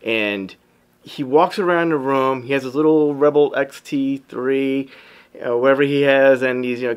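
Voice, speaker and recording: A man's voice: mid-range voice, expressive, moderate pace. A man who works as a photographer, giving an upbeat motivational talk to his viewers and calling them y'all. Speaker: photographer and vlogger.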